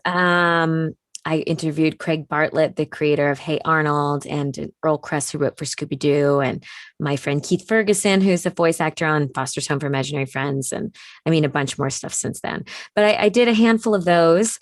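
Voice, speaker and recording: A woman's voice: sits low, no echo, studio quality. A woman guesting on a podcast from home, chatting casually and rambling with plenty of fillers. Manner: relaxed, rambling, many fillers. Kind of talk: casual chat. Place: home, remote call.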